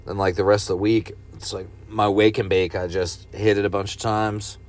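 A man rambling casually while high, laid-back and profane, coughing now and then and breaking into ranting bursts. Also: level tone, moderate pace. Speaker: cannabis vlogger. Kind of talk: casual stoned rambling monologue.

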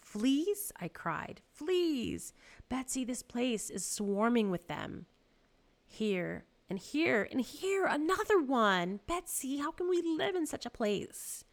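A woman's voice: fairly low pitch, lively intonation, slow, gravelly, exaggerated voice. A woman reading aloud and voicing a frightened young woman prisoner who cries out in alarm. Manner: alarmed, exclaiming.

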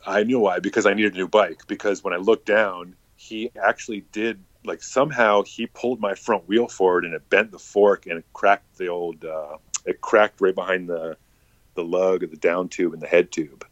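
Low-voiced man telling a rambling story. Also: fairly even intonation, moderate pace, no echo, lo-fi sound. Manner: rambling, profane, heavy on filler words. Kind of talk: casual storytelling.

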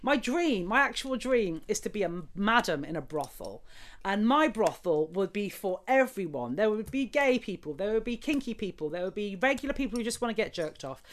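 A woman's voice: medium pitch, big pitch swings, fairly quick. A woman guest telling bawdy stories in a casual interview, laughing often.

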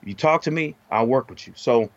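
A middle-aged man telling a story in casual podcast chat, profane and animated, his voice jumping up when he gets heated. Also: medium pitch, brisk, no echo, dull audio. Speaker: podcast co-host.

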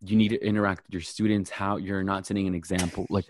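Low-voiced young man hosting a podcast. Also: fast talker, slight background noise. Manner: animated, profane, acts out quotes. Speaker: podcast co-host. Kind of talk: casual podcast chat and storytelling.

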